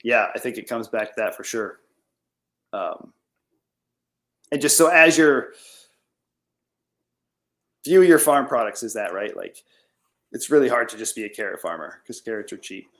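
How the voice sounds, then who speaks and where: A male farmer with a fairly low, slightly bright voice is interviewed over a remote call, speaking animatedly at a moderate pace with long pauses. He rambles casually and leans heavily on "like."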